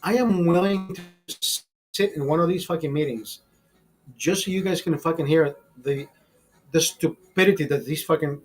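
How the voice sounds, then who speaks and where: A man's voice: on the high side, normal speed, a little mellow. A young man, the host, telling a long casual story in a rambling, heavily profane way. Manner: profane, rambling, mimics voices.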